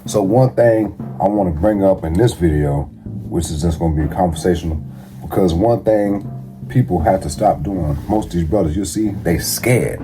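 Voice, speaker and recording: A man's voice: low voice, moderate pace. A man talking casually and bluntly, full of profanity and street slang, giving advice in a conversational monologue. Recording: music playing behind the voice. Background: music.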